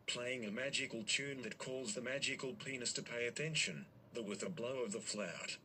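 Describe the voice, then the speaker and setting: A man narrating an improvised story in a rambling, crude and excitable way. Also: medium pitch, slight background noise.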